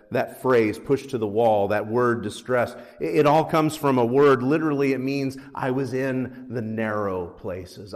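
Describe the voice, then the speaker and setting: A man delivers an earnest sermon at a middle pitch, his voice carrying a long reverb from a church hall. He reads scripture with rising emphasis and talks through it plainly. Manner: earnest, rises in pitch and force on scripture readings. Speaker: pastor.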